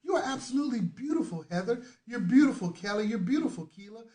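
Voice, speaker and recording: High-voiced energetic motivational man, echoey. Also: quick pace. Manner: energetic, preachy, calls out viewers by name. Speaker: motivational host. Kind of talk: live motivational talk with affirmations. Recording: roomy echoey sound.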